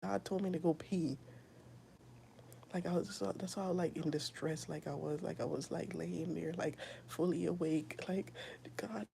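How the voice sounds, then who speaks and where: A young woman giving a whispered personal testimony, soft and halting, with a gravelly edge. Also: deep voice, steady tone, a little hiss or hum. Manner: soft, often whispered, halting with many fillers. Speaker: streamer sharing a personal testimony.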